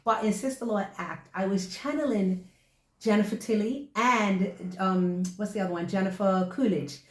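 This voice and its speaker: A woman with a Bermudian accent, co-hosting a casual chat and talking in a rambling, chatty way. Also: mid-range voice. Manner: chatty, rambling, quick to laugh. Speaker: podcast co-host and actress. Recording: echoey room.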